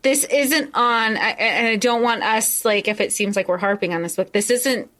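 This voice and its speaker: A woman's voice: a little high, moderate pace, fairly bright tone. A woman co-hosting a podcast, talking casually about a book in a chatty way with many fillers. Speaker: podcast co-host.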